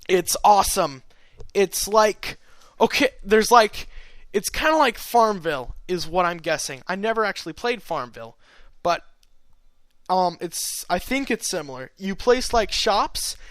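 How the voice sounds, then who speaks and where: Young male audiobook reader, high clear voice, chatty and meandering, dry close sound. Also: lively intonation, unhurried, fairly bright tone, dry recording. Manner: chatty, meandering, full of fillers and restarts. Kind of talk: rambling author's note.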